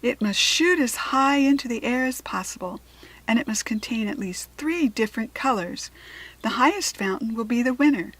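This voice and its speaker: A woman's voice: fairly high pitch, lively intonation, normal speed, a bit bright, poor audio. A woman voicing a cheerful female fairy announcing a contest in a storybook.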